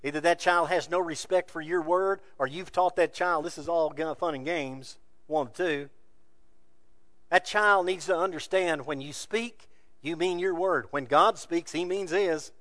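A man preaching a sermon from scripture, building to loud emphatic peaks and dropping to quiet asides. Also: on the high side, no echo. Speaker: pastor.

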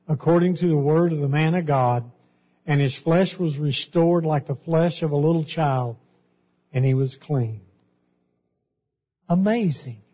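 A man preaching a sermon, reading Bible verses and explaining them in an emphatic, deliberate way. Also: a little high, breathy edge. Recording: dull, echoey hall.

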